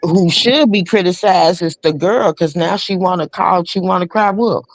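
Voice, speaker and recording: A woman's voice: fairly low pitch, normal speed, no room sound. A woman, giving blunt, emphatic opinions in casual chat.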